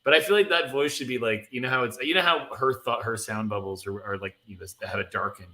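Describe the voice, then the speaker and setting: A man co-hosting a comics reading stream, chatting in an animated way with many fillers and laughs. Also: medium pitch, fast talker. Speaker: comic reading podcast co-host. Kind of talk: casual chat.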